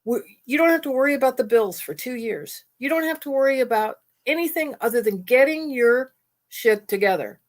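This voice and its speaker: Animated, blunt woman telling a story. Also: high voice, a little fast. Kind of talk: casual conversation.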